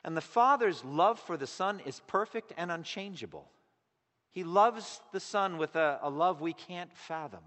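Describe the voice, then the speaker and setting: A man preaching with a fairly high voice, earnest and intent. He swells to loud emphasis, then drops to a near hush on solemn points. The sound rings out with the long echo of a church hall. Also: expressive, unhurried. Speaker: pastor. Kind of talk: sermon.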